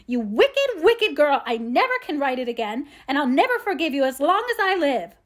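A woman's voice: mid-range voice, lively intonation, a little fast, close to an everyday voice. A woman reading aloud, voicing a fiery, hot-tempered teenage girl with passionate, stern outbursts. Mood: furious.

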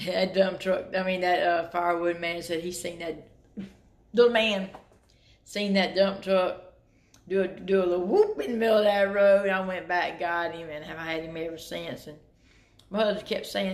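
Her voice is on the low side with a steady tone and a moderate pace. A middle-aged Southern US vlogger, she chats casually and drawlingly with her thrift-shopping audience, addressing them as y'all.

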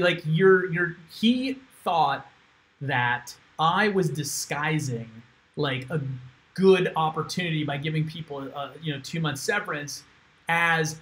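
A man's voice: a little high, slow pace, fairly bright tone, rough recording. A man hosting a casual live stream. He talks bluntly and with energy, swears freely, calls listeners "dude" and reads viewer comments aloud.

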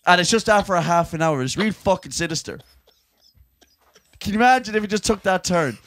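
A man co-hosting a podcast, telling jokes in a mock-serious, swearing, animated way. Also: sits high, a little fast, slight background noise. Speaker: podcast co-host. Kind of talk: casual comedic chat.

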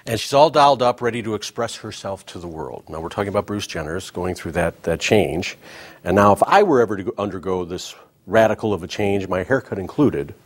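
A man's voice: low-pitched, lively intonation, brisk. A man hosting a comedic talk show, delivering a wisecracking monologue.

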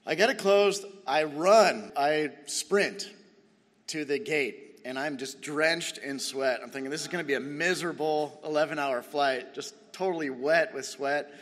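A man's voice: a little high, a bit bright. Chatty pastor man in echoing church. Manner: chatty, self-deprecating storyteller. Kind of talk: sermon with personal storytelling. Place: church sanctuary. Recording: long church hall reverb.

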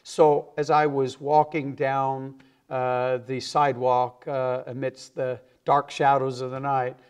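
A man's voice: mid-range voice, flat delivery, slow pace, clear, resonant tone. A man, an evangelist and guest on a TV interview, telling his personal testimony earnestly and acting out the people in his story. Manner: earnest storyteller who acts out the quoted voices.

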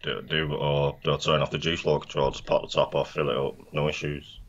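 A man's voice: very deep voice, little pitch movement, brisk, a bit bright, lo-fi sound. A man co-hosting a casual live stream, chatting in a laid-back, teasing way. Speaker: co-host.

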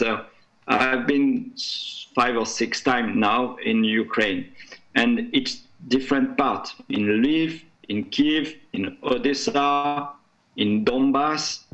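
A man whose first language is French, speaking haltingly as a guest in a panel discussion. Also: mid-range voice, creaky, fairly bright tone, low-quality recording. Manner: halting, searching for English words.

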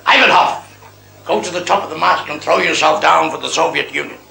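A man voicing a stern, boastful admiral, speaking slowly and heavily in broken English. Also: on the high side, vocal fry, sharp tone, echoey room, slight background noise, heavily acted.

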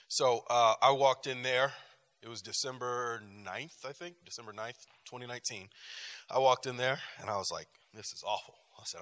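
A man's voice: medium pitch, moderate pace, in a large hall. A man teaching a church class, telling a personal story with frequent laughs and talking straight to the room. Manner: animated, laughing often, talks to the room. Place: church hall. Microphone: handheld microphone.

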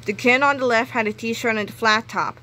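A woman reading a children's book aloud in a clear storytelling manner. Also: fairly high pitch, a little fast, bright, forceful tone, poor audio. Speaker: reader.

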